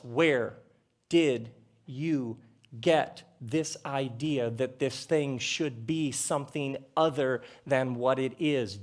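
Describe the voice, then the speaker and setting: A middle-aged man giving a live talk on a theater stage, conversational and jokey, with rhetorical questions and dramatic pauses. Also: a little high, a bit bright. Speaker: speaker addressing a live audience.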